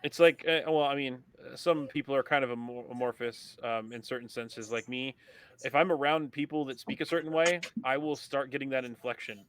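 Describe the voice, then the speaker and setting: California dude rambling at the game table, mid voice, trips over words, swears. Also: male voice, mid-range voice, brisk, fairly bright tone, smooth. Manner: rambling, restarts, profane. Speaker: player. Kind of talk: casual tabletop session chat.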